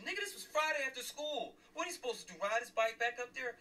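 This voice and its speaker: A man's voice: extremely high pitch, lively intonation, fast, few pauses, sharp tone, distant mic, poor audio. A middle-aged man, a father and former police officer, ranting angrily and bluntly while driving, swearing and repeating himself for emphasis. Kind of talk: heated livestream rant. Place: in a car, driving.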